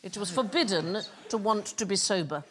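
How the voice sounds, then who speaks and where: A woman's voice: medium pitch, animated, moderate pace, very noisy. A woman hosting a quiz show, telling odd facts in a wry, chuckling way in a studio. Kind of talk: lively anecdotal presenting. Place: TV studio with audience.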